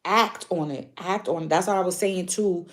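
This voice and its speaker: Lowish and at a moderate pace, a woman's voice leads a casual spiritual tarot reading for viewers. She's chatty and emphatic, repeating key points and laughing often.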